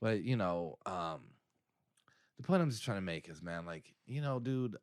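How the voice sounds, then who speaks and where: A man's voice: sits low, animated, normal speed, no echo, clean studio sound. A man co-hosting a podcast, telling rambling, profane stories in casual chat and laughing often. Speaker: podcast co-host.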